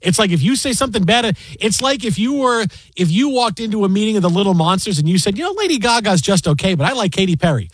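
Man, fifties, talk host, high-pitched, dry close sound, animated storyteller. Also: quick pace, hardly any pauses, slightly rough, no room sound. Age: 50s. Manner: animated storytelling, many restarts. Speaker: show host. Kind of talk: casual chat.

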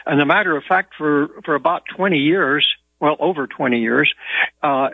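A man calling in to a radio show over the telephone, speaking haltingly with fillers. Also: fairly high pitch, creaky, breathy edge, no echo. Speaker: caller. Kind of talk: phone-in call. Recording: tinny phone line.

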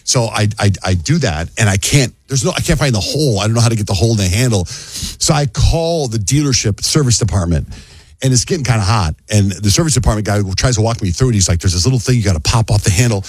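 A middle-aged man on a radio show tells a long story at a quick clip, his voice low and husky. He acts out little sounds and what people said, lively and chatty, with a dry studio sound close to the mic. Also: no echo. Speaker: radio host. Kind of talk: casual storytelling on morning radio.

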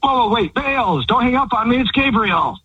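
A man's voice: very high-pitched, lively intonation, fairly quick, breathy edge, dry recording, highs cut off. A man on a prank call, talking in a stiff malfunctioning robot voice. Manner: stiff beeping robot impression. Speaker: prank caller.

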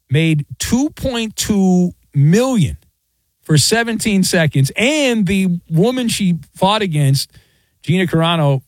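A man hosts a sports talk radio show, opinionated and animated as he tells stories. His voice sits high and swings widely in pitch. The studio sound is close and dry. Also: no echo. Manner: opinionated, chatty, animated storytelling. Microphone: studio microphone.

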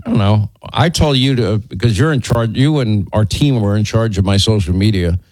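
A man's voice: lowish voice, normal speed, a little mellow, dry recording, poor audio. A male show host giving opinionated commentary in a sardonic way, often restarting his sentences.

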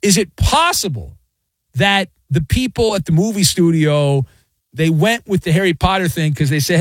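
Wisecracking middle-aged radio host. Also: male voice, sits high, expressive, normal speed, dry recording. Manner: wisecracking, rambling, self-mocking. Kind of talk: late-night sports talk radio. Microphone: studio microphone.

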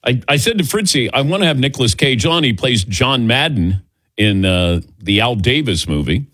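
A man hosting a sports talk radio show, chatting casually and telling animated stories with quick laughs. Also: mid-range voice, husky, no echo. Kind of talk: casual morning radio banter. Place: radio studio.

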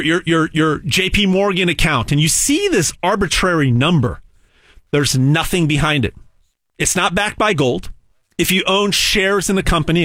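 A man delivering an emphatic, repetitive sales pitch monologue as host. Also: a bit bright, no echo, studio quality.

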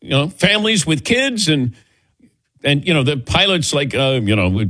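A male radio host with a bright, forward tone that jumps up and down as he tells his stories. He acts out the people in them and laughs often, and the mic is close and dry. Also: on the high side, normal speed, long pauses, no echo. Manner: animated storyteller, acts out quotes, laughs often. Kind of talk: casual on-air banter.

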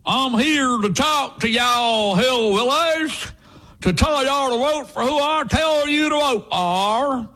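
Guy impersonating an old politician shouting slow, drawly and bossy, high pitched. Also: exaggerated voice, low-quality recording. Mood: blustering. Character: older male politician, loud, bossy, drawling.

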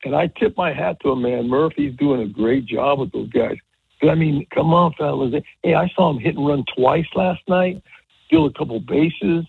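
Gravelly older man on a phone line. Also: on the high side, moderate pace, no echo. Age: 70s. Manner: rambling, animated storyteller with many restarts. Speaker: retired college baseball coach, guest. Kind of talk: casual radio interview.

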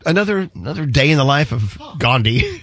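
A man's voice: on the high side, sing-song, brisk, fairly bright tone, dry recording. A man hosting a morning radio show, chatting playfully with a caller and laughing often. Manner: playful, laughs often, reads texts aloud. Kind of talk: casual radio banter.

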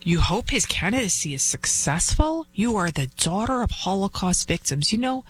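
A woman's voice: medium pitch, big pitch swings, normal speed, a little hiss or hum. A woman filling in as host of a talk show, delivering a fervent opinion monologue full of repeated rhetorical questions. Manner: acts out quoted voices while retelling.

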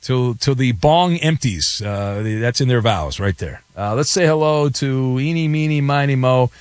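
A man's voice: mid-range voice, animated, a little slow, no echo. A man hosting a call-in sports radio show, wisecracking and sarcastic with callers. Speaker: radio sports talk host. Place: radio studio.

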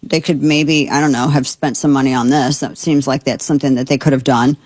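A woman's voice: a bass voice, steady tone, brisk, a little mellow, breathy edge, no echo. A woman hosting political commentary, indignant and exasperated, talking with many fillers and restarts. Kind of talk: opinionated commentary.

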